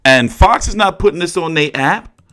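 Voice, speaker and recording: A young man talking through a boxing press conference in loose, profane chat, his pitch sitting a little high and swinging widely. He gets carried away and breaks into loud, excited outbursts. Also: moderate pace. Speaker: boxing commentator. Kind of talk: casual reaction commentary.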